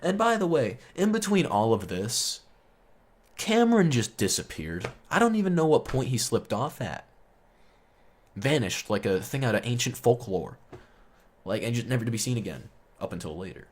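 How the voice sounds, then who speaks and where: A man's voice: mid-range voice, sing-song, moderate pace. A man telling a story in a casual, rambling, profane way, chuckling as he goes. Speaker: storyteller host.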